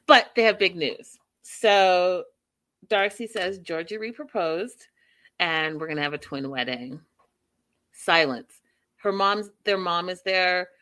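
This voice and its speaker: A woman casually recapping a reality show, telling the story in an animated, opinionated way. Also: sits low.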